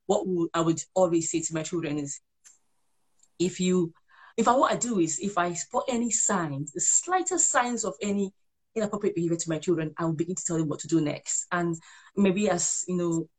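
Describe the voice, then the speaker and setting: Fast-talking husky woman giving parenting advice. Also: lowish voice, expressive. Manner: earnest, repeats herself while explaining. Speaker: guest author and parent. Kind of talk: conversational advice on a live show.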